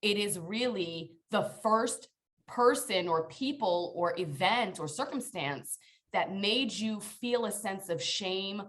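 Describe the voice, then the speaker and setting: A woman's voice: medium pitch, slow, a bit bright. A woman guest on a podcast, a coach telling her own story in an earnest, emphatic way and speaking straight to the listeners. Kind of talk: podcast interview, personal storytelling.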